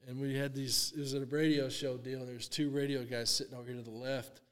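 A man in his sixties, a guest telling a lively story in a casual interview, acting out what people said and laughing often. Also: mid-range voice, quick pace, smooth, long reverb tail. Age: 60s. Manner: animated storyteller, acts out quotes, laughs often. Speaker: guest, long drive champion.

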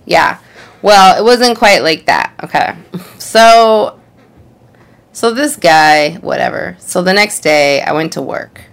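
Slow, creaky woman telling a story. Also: fairly low pitch, expressive. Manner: chatty, rambling, full of "like". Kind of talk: casual comedic storytelling.

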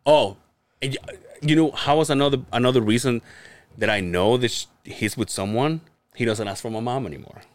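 A man's voice: mid-range voice, a little fast. A man co-hosting a casual podcast, telling family stories with lots of laughing, swearing and acted-out quotes. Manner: animated storytelling, acts out family quotes, swears, laughs often. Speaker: podcast co-host. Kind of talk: casual chat.

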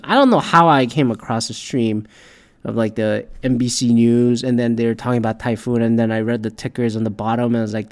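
Profane rambling male ranter. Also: mid-range voice. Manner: profane, rambling, frequent restarts. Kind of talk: casual ranting monologue. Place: Detroit area.

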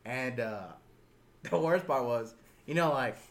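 This young man has a mid-range voice and a slow pace as he casually tells his friends a story. He swears freely, stays animated, and acts out voices loudly through his laughter.

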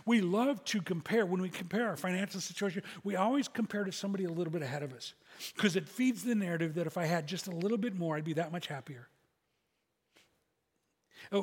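Higher-voiced pastor preaching in a reverberant church. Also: male voice, slightly rough. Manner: conversational, self-deprecating preaching. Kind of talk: sermon.

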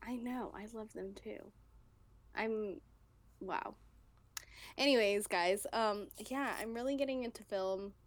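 A woman's voice: medium pitch, slow pace, long pauses. A woman co-hosting a podcast in casual chat, giggly and full of fillers. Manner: chatty, giggly, lots of fillers. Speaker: podcast co-host.

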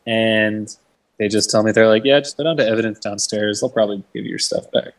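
Far from the mic on poor audio, a young man speaks in a lowish voice, fairly quickly, as a guest telling a story in an informal interview. Swearing liberally and peppering his speech with "like," he acts out the voices of the people he quotes.

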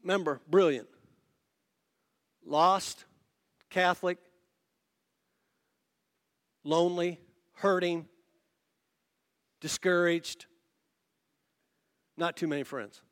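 A male pastor preaching a sermon to his church congregation, telling a story with lively asides to the listeners. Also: high-pitched. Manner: animated storytelling with quick asides to the audience. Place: church service before a congregation.

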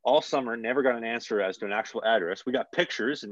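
Brief: animated young man, swears freely, dry close sound, a bit dull. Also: mid-range voice, fast, no echo. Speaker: guest, hockey player. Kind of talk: casual storytelling.

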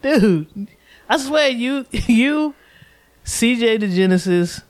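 A young man hosting a casual podcast chat, excitable and quick to laugh. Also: extremely high pitch. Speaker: podcast host.

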